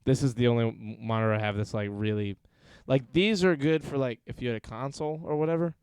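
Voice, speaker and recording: This is a young man in casual chat, loud and crude and quick to laugh. His voice is smooth and clean, and the sound is dry and close, with no room around it. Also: mid-range voice, no echo. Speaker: podcast host. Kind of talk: casual chat, swearing and joking. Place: home gaming room with several monitors.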